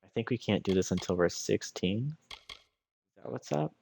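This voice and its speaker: A man's voice: on the low side, expressive, moderate pace, creaky, a little mellow, a little hiss or hum. A tired man giving casual commentary on his game as a let's play streamer, musing aloud as he weighs his choices.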